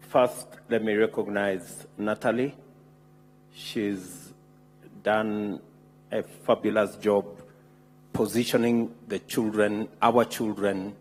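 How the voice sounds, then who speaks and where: Slow, deep-voiced man with a Kenyan accent. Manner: measured, deliberate delivery. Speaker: head of state giving remarks. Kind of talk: formal public address. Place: large conference hall. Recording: reverberant hall with faint hum.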